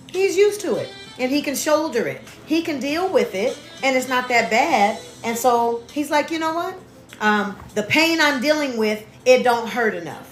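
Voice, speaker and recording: Woman coach chatting thru a live class, keeps saying "right?", echoey room, bit of music under it. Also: medium pitch. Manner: casual, keeps asking "right?" and greeting viewers by name. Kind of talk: motivational live class talk.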